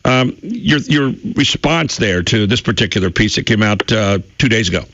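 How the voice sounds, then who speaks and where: Halting male radio talk host. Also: on the low side, expressive, a bit bright. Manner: reads press quotes aloud, halting with many fillers. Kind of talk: radio interview. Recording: dull dry radio audio.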